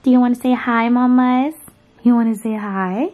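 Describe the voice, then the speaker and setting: A woman's voice: a little high, steady tone, moderate pace, narrow, tinny audio. A young woman cooing sing-song baby talk to her dog. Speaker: vlogger.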